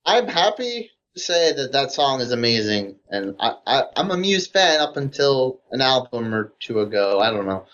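A man's voice: mid-range voice, sing-song, normal speed, hardly any pauses, fairly bright tone. Brief: man, rambling gamer chat, lots of "like", muffled lo-fi recording. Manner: rambling, heavy use of "like", enthusiastic fan tone. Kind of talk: casual podcast chat. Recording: dull lo-fi audio.

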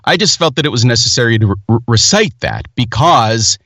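A man's voice: medium pitch, lively intonation, fairly quick, a bit bright, no room sound. A man hosting a casual chat, telling rambling stories with self-mocking humor.

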